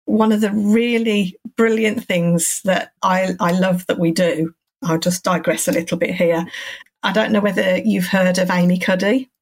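Calm encouraging woman. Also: on the low side, moderate pace. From England. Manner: calm, encouraging, rambling explanations. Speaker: cancer support centre guest. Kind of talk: podcast interview.

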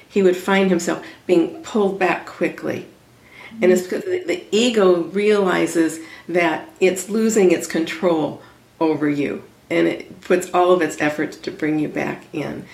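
Woman spiritual healer guest, lowish voice, calm explanatory tone, echoey room sound. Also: vocal fry. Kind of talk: conversational interview answers. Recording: roomy echo on her audio.

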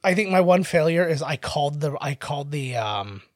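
A man's voice: fairly high pitch, expressive, a little fast, no room sound, clean studio sound. A young adult man co-hosting a casual movie commentary podcast, chatty and telling stories. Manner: chatty storyteller, reads out figures and texts. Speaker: podcast co-host.

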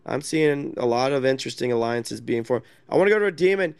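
A gravelly-voiced man hosting a loose online chat. He sounds mocking and brash, with constant swearing, and the sound is dry with no room echo. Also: mid-range voice, lively intonation, quick pace. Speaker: host.

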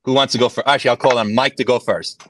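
A man's voice: medium pitch, fairly even intonation, rapid-fire, fairly bright tone, no echo. A man moderating a sports podcast, keeping his panel in line with an upbeat tone. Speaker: show moderator.

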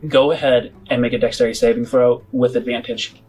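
A man narrating as game master of a tabletop game, describing scenes in an unhurried, casual way. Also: medium pitch, fairly even intonation, a little mellow, husky, soft background music, poor audio.

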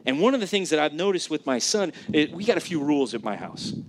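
A man's voice: on the high side, big pitch swings, fast, noisy background. A man in his thirties preaching a sermon in church, conversational and emphatic, often asking the congregation questions. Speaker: pastor. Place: church sanctuary.

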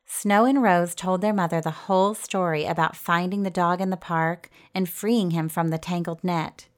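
A woman narrating a fairy tale in a gentle storytelling manner. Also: fairly low pitch, steady tone, moderate pace, few pauses.

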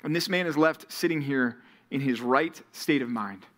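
A male pastor preaching a sermon to a college ministry, retelling Bible scenes with animated storytelling. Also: mid-range voice, moderate pace.

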